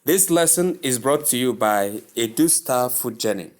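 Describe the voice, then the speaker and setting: A man with a Nigerian English accent teaching English pronunciation, repeating each word slowly and deliberately. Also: medium pitch, expressive. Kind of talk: slow instructional lesson.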